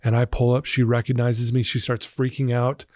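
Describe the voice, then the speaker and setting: A man's voice: medium pitch, little pitch movement, normal speed, darkish tone, no echo, clean studio sound. A man in his fifties, a podcast guest, telling his personal recovery story in an earnest, emotional way.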